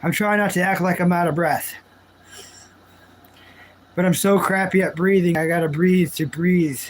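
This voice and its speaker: A man's voice: high-pitched, fairly even intonation, moderate pace, a little hiss or hum, rough recording. A man live-streaming, chatting casually with his viewers in a rambling, jokey, self-mocking way.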